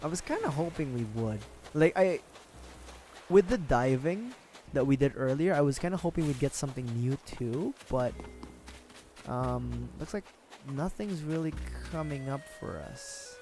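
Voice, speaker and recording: A man's voice: on the high side, animated, unhurried, warm tone, soft background music. A man streaming a video game, chatting casually and rambling, joking, swearing freely and laughing at himself. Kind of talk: casual gaming livestream chat.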